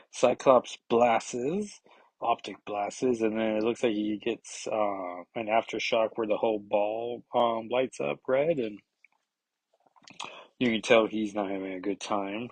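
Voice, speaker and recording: A man's voice: fairly low pitch, breathy edge, no echo, poor audio. A man hosting a podcast, casually recapping a comic book issue in a rambling, filler-heavy way and briefly acting out characters' lines. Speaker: podcast host.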